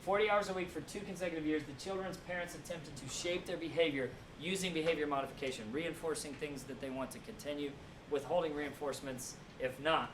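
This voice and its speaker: A man with a fairly high voice lectures to a classroom and keeps asking "right?" to check that his listeners follow. He sounds far from the mic in an echoey room, with faint noise underneath. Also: a little fast. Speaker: teacher.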